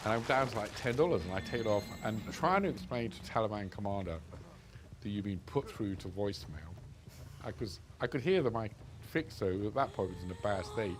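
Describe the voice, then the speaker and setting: Halting man, low voice. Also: expressive, background noise. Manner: halting, many restarts, subdued and low-key. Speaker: interviewee recounting being held hostage. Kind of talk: reflective personal storytelling.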